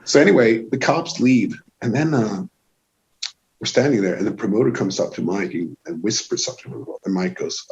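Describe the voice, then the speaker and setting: A man with a Swedish accent recounts a tour story in an animated, loose way, cursing freely. His voice sits on the low side. The recording is dull and lo-fi. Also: moderate pace, gravelly. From Sweden. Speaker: guest musician. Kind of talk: casual storytelling. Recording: dull lo-fi sound.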